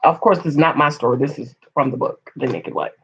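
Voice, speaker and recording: A woman's voice: extremely low pitch, fast talker, gravelly, husky. A woman hosting a casual story-time video, reading from a book and chatting with viewers in asides. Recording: dull lo-fi recording.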